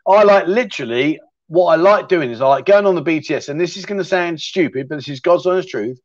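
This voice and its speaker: A man's voice: a little high, fast talker. A man hosting a casual livestream chat show, reading out viewer questions and chatting with lots of fillers and restarts. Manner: chatty, repeats words, frequent fillers and self-restarts. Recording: slightly dull, lo-fi sound.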